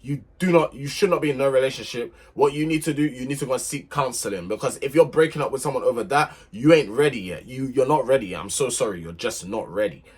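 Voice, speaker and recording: A man's voice: mid-range voice, quick pace, few pauses, breathy edge. A young man telling a relationship story to camera in an emphatic, irritated rant, repeating himself to make his point. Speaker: vlogger.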